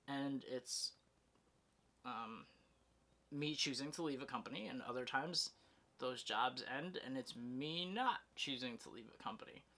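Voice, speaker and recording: A young man chats candidly to his camera while telling a story about his life. He talks in a loose, casual way, full of fillers and quick self-corrections, and his voice sits at an ordinary middle pitch. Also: pushed and bright. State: out of breath. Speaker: vlogger. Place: home, then in his car.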